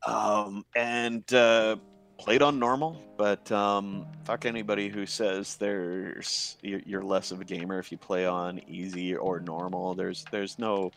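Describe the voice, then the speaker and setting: A man's voice: fairly low pitch, steady tone, measured pace, fairly bright tone, soft background music. A man in casual chat, laid-back, swearing often and laughing a lot.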